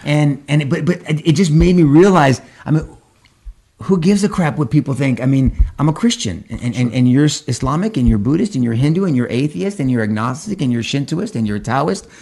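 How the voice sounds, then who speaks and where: A man co-hosting a faith discussion podcast, telling stories in an animated way with frequent restarts. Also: fairly high pitch, a little fast, creaky. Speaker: podcast co-host.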